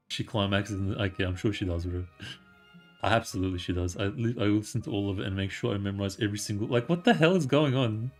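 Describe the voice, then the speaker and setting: A man's voice: lowish voice, fast talker, soft background music. A man streaming a game, casually commenting and reading the story aloud, laughing and teasing.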